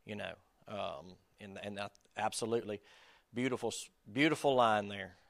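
A man's voice: fairly low pitch, moderate pace, creaky, a bit bright, no echo. A man preaching in a casual, conversational style, self-deprecating and speaking straight to the listeners. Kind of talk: conversational sermon.

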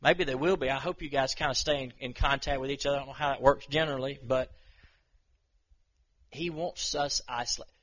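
A man preaching an informal sermon to a group of men, reading scripture slowly and then talking it through in plain, earnest words. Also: medium pitch, steady tone, a bit bright, lo-fi sound.

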